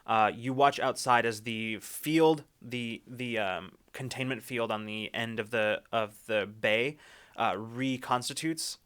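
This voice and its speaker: Male game master, bright and crisp; rambly, restart-heavy narration. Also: medium pitch, a little slow. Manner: rambling, many restarts and fillers.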